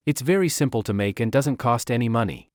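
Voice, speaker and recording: Male narrator as a sly young noble feigning blindness, whiny and pleading, animated delivery. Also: mid-range voice, fairly quick, no echo, clean studio sound, lightly acted. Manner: wheedling, pleading, mock-pitiful.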